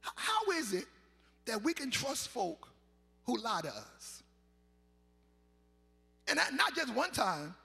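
A high, bright, gravelly voice from a pastor in his fifties, rising and falling in a sing-song, whooping sermon cadence that climbs into shouts. He is recorded live in a large sanctuary, with long reverb and faint organ behind him. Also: huge pitch swings, takes it slowly, pauses often. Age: 50s.

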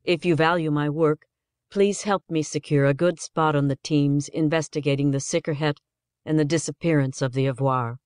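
A man voicing a determined woman starship captain who speaks gently and measuredly, raising his pitch for her. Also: steady tone, normal speed, clean tone, no echo, clean studio sound, natural voice. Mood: resolute.

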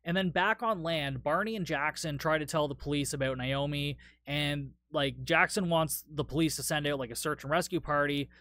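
A man's voice: fairly high pitch, fairly even intonation, normal speed, few pauses, sharp tone. A man hosting a solo podcast, recapping a movie in a casual, rambling, profane way, tired after a long day. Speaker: podcast host.

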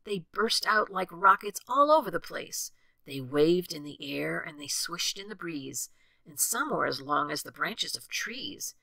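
Creaky-voiced older woman reading rhymes. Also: low voice, measured pace, no echo. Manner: expressive, sing-song rhythm. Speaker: storyteller. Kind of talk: reading a rhyming storybook aloud.

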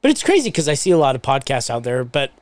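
A man's voice: mid-range voice, wildly swooping pitch, fast, no echo. A young adult man co-hosting a podcast in casual chat, curious and joking, asking lots of questions. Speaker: podcast co-host.

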